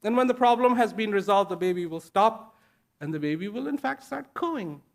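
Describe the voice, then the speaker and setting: A man giving a speech to an audience, slow and deliberate, pausing between short phrases and repeating key words for emphasis. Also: high voice, lively intonation, gravelly. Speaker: invited speaker. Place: event at a large international venue.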